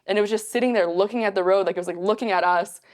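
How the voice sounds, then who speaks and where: A young woman guest on a podcast, telling stories in a casual, animated way with lots of fillers. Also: mid-range voice, racing. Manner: animated, acts out quotes, many fillers. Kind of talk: casual storytelling.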